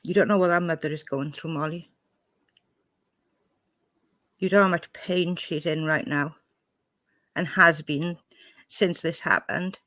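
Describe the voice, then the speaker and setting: Speaking slowly with long pauses, a Welsh reaction video host reacts angrily to a clip she has just played, her tone indignant, confrontational and emotional. Her voice sits low and is fairly bright with fairly even intonation, recorded with no room sound.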